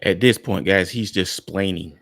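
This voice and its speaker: A man's voice: sits low, normal speed, gravelly, fairly bright tone, dry recording, studio quality. A man hosting a reaction video, talking bluntly and frankly to his viewers in casual commentary.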